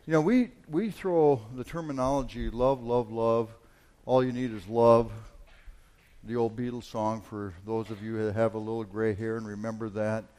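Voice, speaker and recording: A man delivers a sermon in an easygoing, conversational manner, often restarting his sentences and filling pauses. On key points he pushes his voice to sudden loud emphasis, then drops back to a soft, talky tone. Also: mid-range voice, fairly even intonation. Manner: conversational preaching with many fillers and restarts; swells loud on emphatic lines. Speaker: pastor.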